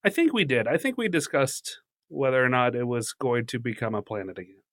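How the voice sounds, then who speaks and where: A man's voice in a mid register, recorded close and dry in a small studio. He co-hosts a casual podcast, reading articles aloud and chatting with animated energy. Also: mid-range voice, a little fast, no room sound. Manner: animated, reads at length, laughs easily. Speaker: podcast co-host.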